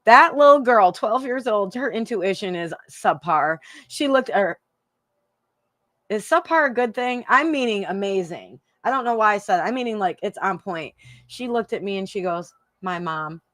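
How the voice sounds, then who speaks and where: A woman's voice: mid-range voice, expressive, moderate pace, a bit bright, dry recording. A woman from Michigan, a psychic hosting a live stream, chatting casually and emotionally, laughing often and repeating herself.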